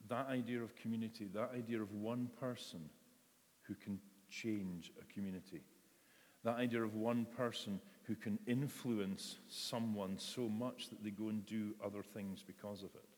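A man's voice: lowish voice, steady tone, normal speed, a little mellow. A man preaching a sermon in a church, talking in a conversational way and acting out the voices in the story. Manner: conversational, acts out voices in quotes. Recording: long reverb of a large hall.

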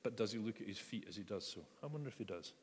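A man's voice: fairly low pitch, animated, racing, breathy edge. A man preaching a reflective sermon, retelling a story and inviting his listeners to picture it. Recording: echoey hall reverb.

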